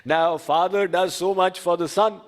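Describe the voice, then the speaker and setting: A man giving a sermon as a spiritual teacher, teaching slowly and deliberately through told stories. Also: high-pitched, fairly even intonation, big-room sound.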